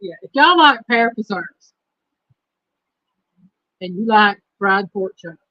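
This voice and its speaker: A woman hosting a casual livestream chat, reading trivia questions slowly and repeating them. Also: mid-range voice, lively intonation, no echo. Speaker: host. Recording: dull lo-fi stream audio.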